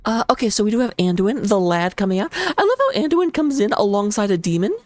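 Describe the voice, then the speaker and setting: A woman casting a live esports match, talking rapidly and excitably with a playful, jokey manner. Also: medium pitch. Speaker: esports caster. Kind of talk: live game commentary on a stream.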